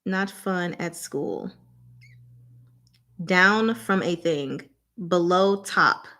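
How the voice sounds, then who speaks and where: A woman hosting a casual livestream word game. She gives clues in short, deliberate fragments and laughs often. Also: lowish voice, pushed and bright. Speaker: channel host running a livestream game.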